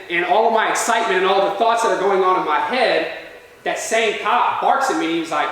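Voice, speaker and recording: A man's voice: high voice, normal speed, fairly bright tone, a little hiss or hum. A man giving a motivational talk to students in a large university lecture room, telling a story and often checking in with the crowd. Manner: storytelling, keeps checking in with "all right?". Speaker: motivational speaker. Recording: echoey hall from far off.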